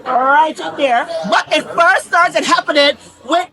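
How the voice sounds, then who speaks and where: A high-voiced woman rambles defiantly at the police, agitated and hard to calm. The sound comes from a body camera in a theme park, with a thick crowd buzzing behind her. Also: unhurried. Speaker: arrested suspect. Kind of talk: heated confrontation with police. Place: theme park, among guests. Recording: bodycam audio with crowd noise.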